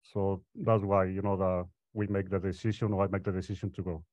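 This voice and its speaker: A man's voice: sits low, flat delivery, fairly quick, darkish tone, dry recording. A Spanish-speaking man from Mexico with a Mexican accent, a roofing worker telling his story hesitantly, with a lot of "you know". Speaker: roofing worker, panel guest. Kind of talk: casual panel chat. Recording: dry, muffled audio.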